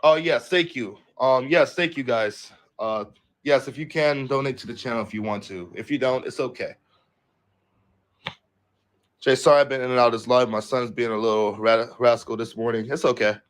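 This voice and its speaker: Casual young male streamer, mid-pitched, profane and rambling, reads the news aloud and then comments on it. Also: moderate pace. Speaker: livestream host.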